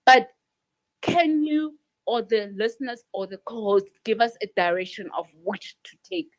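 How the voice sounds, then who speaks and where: A woman's voice: medium pitch, expressive, normal speed. A woman speaking up in a live audio chat room, frustrated and pleading, often repeating herself. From South Africa. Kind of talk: emotional spontaneous speech.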